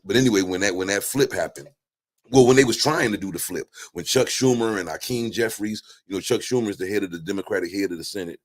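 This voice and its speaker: A man chatting casually about politics on a talk show, rambling with many restarts and fillers. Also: deep voice. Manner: animated storytelling. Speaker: guest.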